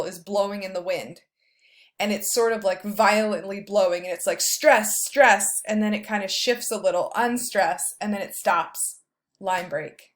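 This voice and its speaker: A woman professor records a lecture over her slides, speaking at a mid-range pitch. She explains in a loose, casual way with plenty of fillers, as if talking straight to her students. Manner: reads verse slowly, stressing each beat.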